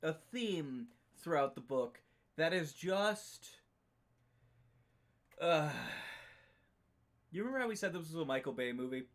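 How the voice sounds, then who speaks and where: A man's voice: fairly high pitch, expressive, unhurried, pauses often. A man co-hosting a streamed book discussion, retelling the plot emphatically and swearing freely in casual chat. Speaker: book club podcast co-host.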